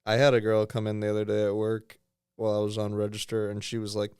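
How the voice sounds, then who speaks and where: A man's voice: fairly low pitch, completely flat delivery, fast, darkish tone, clear, resonant tone, no room sound, studio quality. A man co-hosting a comedy podcast, trading wry, joking banter. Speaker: podcast co-host. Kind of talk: casual comedy podcast chat.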